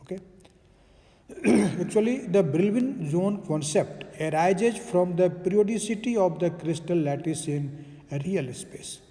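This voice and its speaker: A male physics lecturer talks through his material slowly and patiently, padding his sentences with "uh" and checking in with "okay". His voice sits fairly high for a man but sounds dark and mellow. The room gives it a long, lingering reverb. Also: expressive. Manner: slow, explanatory, many fillers and "okay"s. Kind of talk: recorded lecture.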